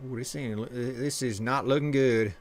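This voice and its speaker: A man's voice: mid-range voice, measured pace, a little hiss or hum. A man streaming a puzzle game live, thinking aloud to himself as he works and chatting casually with his viewers. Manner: chats with viewers.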